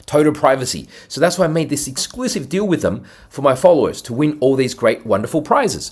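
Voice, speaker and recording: Husky-voiced man hyping crypto charts. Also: fairly quick, hardly any pauses. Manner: energetic, salesy, lots of "right?" and "boom". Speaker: crypto trading video host. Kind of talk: casual market commentary over charts.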